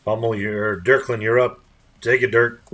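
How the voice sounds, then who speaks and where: A man leading a game raid over voice chat, calmly giving directions to players. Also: mid-range voice, normal speed, slight background noise. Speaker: raid leader.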